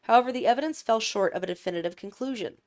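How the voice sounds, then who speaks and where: A woman's voice: a little high, racing, a little mellow. A woman co-hosting a podcast, steadily reading a true crime script with self-conscious asides. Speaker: podcast co-host.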